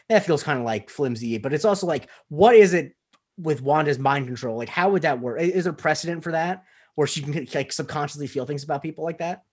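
A man hosting a podcast in casual chat, opinionated and joking. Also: fairly high pitch. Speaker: podcast host.

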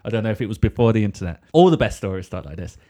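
A man's voice: lowish voice, sing-song, racing, warm tone. A young man hosting a podcast, telling a rambling comic anecdote in casual talk and swearing freely. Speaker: podcast host.

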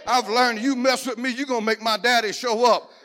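A middle-aged male preacher delivers his sermon in a loose, lively way, slipping in jokes and stories as he goes. His voice sits notably high for a man. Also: a little fast. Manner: lively, joking storytelling preacher style.

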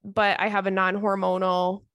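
A woman's voice: mid-range voice, flat delivery, moderate pace, a bit bright, no room sound. Give me a young woman chatting casually on her podcast, rambling with lots of likes, recorded dry. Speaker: podcast host. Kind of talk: casual chat reading listener messages.

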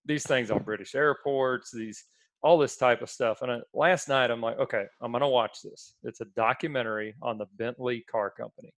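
A man's voice: medium pitch, normal speed, fairly bright tone, no room sound. A man co-hosting a podcast, telling stories in a casual, chatty way, often laughing. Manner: laughing, storytelling. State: under the weather. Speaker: podcast co-host. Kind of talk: casual chat.

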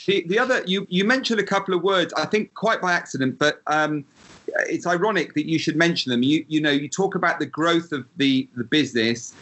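Bright-voiced male podcast host. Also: fairly high pitch, brisk. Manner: enthusiastic, long winding questions. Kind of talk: interview questions.

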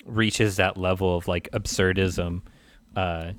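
A man's voice: low voice, fairly even intonation, slow. A man in a casual film discussion, rambling with many fillers and restarts.

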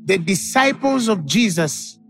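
A man's voice: sits high, expressive, unhurried, faint music behind. A man preaching a sermon as pastor, acting out the people in his stories. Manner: dramatic, acts out quoted voices.

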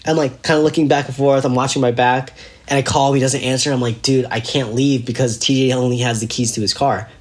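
A young man telling a story casually as a podcast guest, animated and laughing as he acts out what people said. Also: medium pitch, fast.

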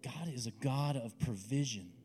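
A male preacher with a mellow, warm voice leads a guided visualization in a sermon. He speaks slowly and intimately, with dramatic weight, over faint music playing behind him. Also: medium pitch. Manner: slow, intimate, dramatic delivery.

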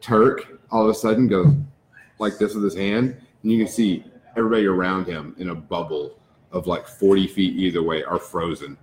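A man narrating a tabletop game as game master, in a slow, descriptive, dramatic manner. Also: sits low, fairly even intonation, a little mellow, reverberant, a little hiss or hum, rough recording.

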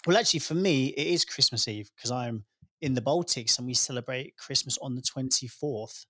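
A man's voice: mid-range voice, normal speed, bright, forceful tone, dry recording. Teasing British man, dry close sound. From Britain. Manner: teasing, banter, calls people mate. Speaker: podcast co-host. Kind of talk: casual chat.

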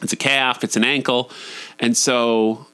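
A man in his thirties telling a candid, profane personal story, often jumping up high in pitch. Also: flat delivery, measured pace, sharp tone, clear, resonant tone.

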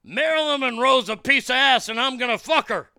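A man voicing a rude older male psych-ward patient who yells crude insults at people. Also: extremely high pitch, fairly quick, gravelly, clean tone, dry recording, pitched above the performer's own voice, full character voice. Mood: yelling. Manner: yelling abruptly, crude and hostile.

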